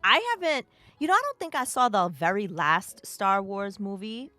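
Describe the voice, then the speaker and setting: A woman's voice: mid-range voice, sing-song, moderate pace, sharp tone, dry recording, soft background music. A woman hosting a casual stream interview, upbeat and enthusiastic.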